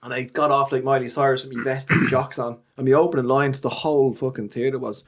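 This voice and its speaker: An Irish man, a comedian, telling anecdotes in a casual chat, animated and swearing freely. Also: mid-range voice, fast. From Ireland. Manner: animated storyteller, swears freely, acts out voices in his anecdotes. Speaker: comedian guest.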